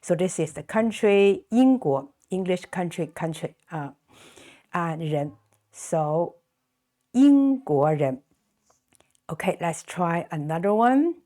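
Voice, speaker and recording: A woman with a Chinese accent, a native Chinese speaker, teaching a beginner's language lesson and patiently repeating words slowly for learners. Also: fairly low pitch, lively intonation, dark tone. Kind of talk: slow explanatory online lesson.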